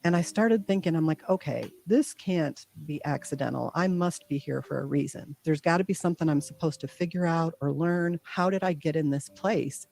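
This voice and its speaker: Gravelly-voiced woman telling a heartfelt story. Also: sits low, mellow. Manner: earnest, heartfelt; acts out her own inner voice in quotes. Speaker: guest. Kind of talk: personal storytelling.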